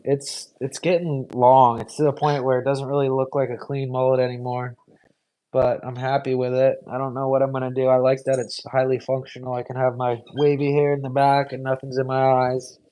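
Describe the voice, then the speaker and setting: A man's voice: medium pitch, little pitch movement, brisk, warm tone, clear, resonant tone, poor audio. A young man hosting a live stream, answering viewer questions in an easygoing, rambling way full of fillers. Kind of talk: casual live Q&A chat.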